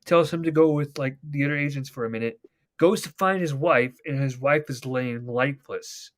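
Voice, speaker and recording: Speaking at a moderate pace in a medium-pitched voice, a young man rambles through lengthy retellings of TV scenes on his casual podcast, swearing along the way.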